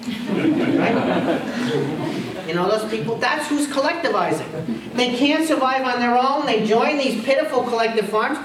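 A man's voice: extremely high pitch, expressive, unhurried, long pauses, noisy background. A man giving a university history lecture, emphatic, firing off rhetorical questions and repeating his key phrases. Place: lecture hall. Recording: roomy hall audio picked up from a distance.

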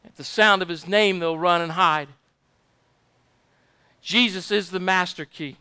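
A man's voice: sits high, measured pace, pushed and bright, clean tone, dry recording. A man preaching a fervent sermon, repeating his points and asking the congregation for amens. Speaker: pastor.

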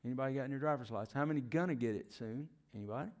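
Middle-aged preacher guy, lively sermon, quizzes the crowd, goes quiet and whispery at times. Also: medium pitch, racing. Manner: animated, asks the congregation questions, drops to a near whisper. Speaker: preacher, former youth minister and missionary.

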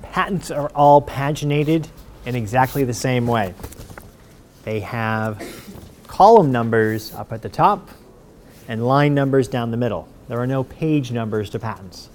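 A man, a university patent counsel, giving a clear and methodical lecture, reading passages aloud and asking the audience rhetorical questions. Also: medium pitch, a little slow, darkish tone, slight background noise.

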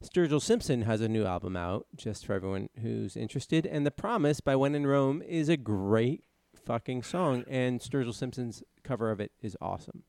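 A man's voice: medium pitch, lively intonation, moderate pace, gravelly, few pauses, a little mellow, dry recording, clean studio sound. A man hosting a podcast in casual chat, steering the talk offhandedly and swearing now and then. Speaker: podcast host.

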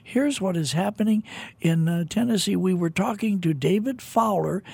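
A man's voice: sits high, normal speed, vocal fry, darkish tone, breathy edge, no echo. A man hosting a talk radio show, giving folksy, preachy commentary with emphasis.

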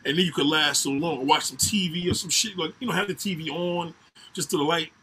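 A man co-hosting a casual talk show, animated and laughing often as he acts out what people say. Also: sits high, a little fast, slightly rough. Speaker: podcast co-host. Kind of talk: casual chat.

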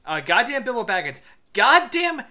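Bright, sharp-voiced joking man. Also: extremely high pitch, big pitch swings, normal speed. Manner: joking, swears freely. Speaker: podcast co-host. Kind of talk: casual chat.

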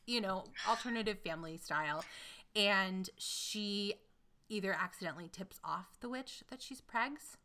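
Woman, co-host, wry storyteller, bright tone, medium pitch. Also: moderate pace. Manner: wry, animated, swears casually. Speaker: podcast co-host. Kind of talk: casual chat retelling a fairy tale.

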